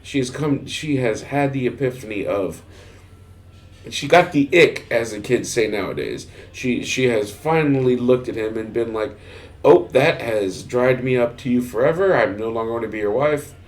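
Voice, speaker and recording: A man from Texas co-hosting a podcast, talking casually and haltingly, with frequent restarts and laughs as he tells stories. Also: mid-range voice, animated. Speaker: podcast co-host. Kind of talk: casual chat.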